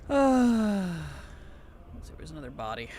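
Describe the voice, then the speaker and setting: A man streaming a video game, chatting in a playful, giggly and animated way. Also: high-pitched, unhurried, slight background noise. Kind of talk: casual gaming stream chat.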